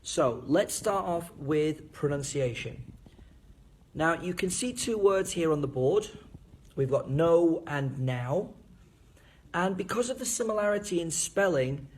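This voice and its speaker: Man explaining teaching tips, slightly high. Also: darkish tone. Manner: clear, enunciating demonstrations with hand signals. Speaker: English teacher. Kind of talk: teacher training lesson at a board.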